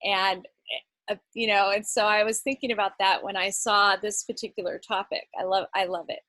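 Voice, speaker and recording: A woman's voice: medium pitch, level tone, moderate pace, sharp tone, no room sound. A woman leading an online workshop over a video call, chatty and encouraging, talking in loose, rambling sentences. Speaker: workshop facilitator. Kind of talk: casual online workshop talk.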